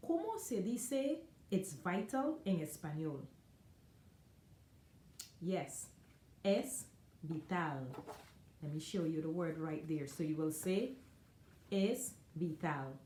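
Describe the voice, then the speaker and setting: A woman who teaches Spanish, giving a careful online lesson and repeating each word slowly for the learner. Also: lowish voice, darkish tone, roomy sound. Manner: slow, careful, encouraging, repeats words.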